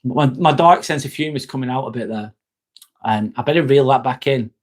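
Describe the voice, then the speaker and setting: A man's voice: mid-range voice, a little fast. A man hosting a casual live stream, joking, laughing often and answering chat comments.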